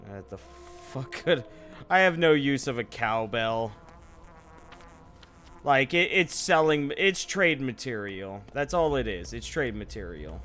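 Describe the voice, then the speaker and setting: A man's voice: mid-range voice, a bit bright, a little hiss or hum. A man chatting casually while streaming a video game live, swearing freely and muttering asides to himself. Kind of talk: casual live gameplay chat.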